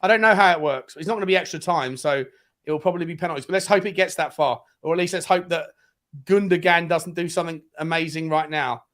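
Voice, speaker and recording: Excitable man calling a live match. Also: fairly high pitch, fast talker. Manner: excitable, shouting at the players. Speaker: host of a football fan show. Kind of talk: live match watch-along commentary.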